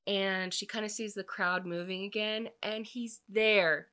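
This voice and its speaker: A woman's voice: mid-range voice, fairly even intonation, measured pace, bright, forceful tone, clean tone. Chatty woman gushing over a book. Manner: chatty, filler-heavy storytelling; gushing, emotionally invested. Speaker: book reviewer. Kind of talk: casual book recap.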